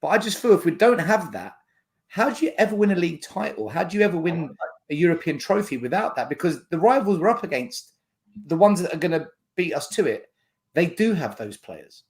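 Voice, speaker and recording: A man's voice: on the high side, sing-song, a little fast. Stammering man debating football. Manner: stammers at the start of his points, earnest. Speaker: guest pundit.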